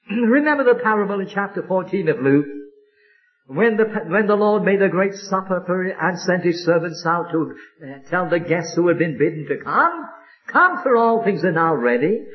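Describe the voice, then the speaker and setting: A man preaching a sermon with fervent, drawn-out emphatic phrases, from an old recording. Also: high-pitched, highs cut off.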